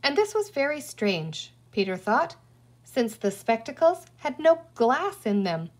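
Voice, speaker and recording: Expressive woman reading a children's book. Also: sits high, unhurried. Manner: expressive storytelling. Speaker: audiobook reader. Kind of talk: children's book read aloud.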